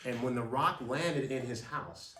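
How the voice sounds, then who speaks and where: A man's voice: mid-range voice, a little slow, fairly bright tone, slight background noise. Man telling a dramatic story from afar. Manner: dramatic, vivid. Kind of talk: storytelling speech. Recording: roomy, from a distance.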